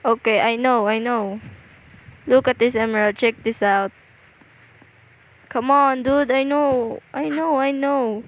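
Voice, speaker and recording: A woman's voice: fairly high pitch, steady tone, slow, pauses often, lo-fi sound. A young woman with a Filipino accent giving rambling, casual game commentary, often repeating and restarting phrases. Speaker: gaming video creator.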